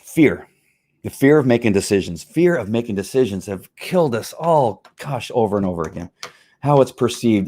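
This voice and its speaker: A man's voice: mid-range voice, lively intonation, normal speed, darkish tone. A middle-aged man, a former police officer, hosting his own show and talking casually in a frustrated, emphatic rant. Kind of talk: casual livestream commentary.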